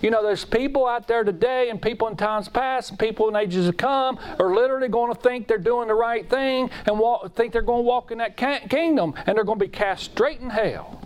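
Middle-aged male preacher, high voice, earnest and emotional, repeats lines, reads scripture. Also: fairly quick, hardly any pauses, smooth. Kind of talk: sermon.

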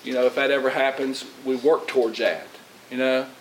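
A man's voice: medium pitch, fairly even intonation, brisk, rough recording. A middle-aged man, a pastor preaching in a folksy, rambling way and asking his congregation questions. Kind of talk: sermon. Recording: faint hiss.

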